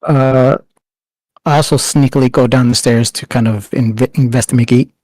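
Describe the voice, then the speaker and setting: A man playing a tabletop game, speaking haltingly and repeating words. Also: medium pitch, steady tone, darkish tone, no room sound, low-quality recording. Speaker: player. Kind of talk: casual tabletop play, in character.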